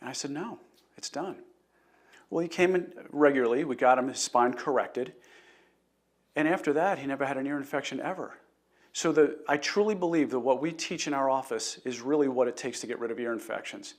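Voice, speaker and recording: A man's voice: medium pitch, brisk. A middle-aged man hosting a live health talk, telling a patient story in an earnest way and greeting viewers. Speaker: chiropractor host.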